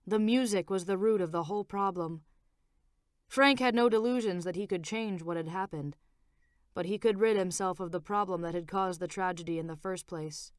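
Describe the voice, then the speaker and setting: A woman author narrating her own novel as an audiobook in a measured, expressive reading. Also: mid-range voice, clean tone, no echo, studio quality.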